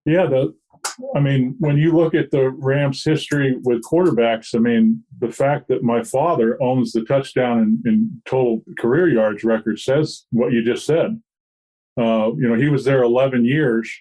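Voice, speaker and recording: A male podcast host with a mid-pitched, mellow voice. He asks his questions in a measured way, often pausing on fillers. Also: steady tone, low-quality recording. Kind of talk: interview.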